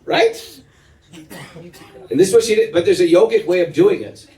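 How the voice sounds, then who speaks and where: A male spiritual teacher tells a story with lively, animated swings of pitch and frequent laughter. His voice sits a little high. The recording is roomy and taken from some distance. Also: moderate pace. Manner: animated and humorous, laughing often. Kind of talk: storytelling talk.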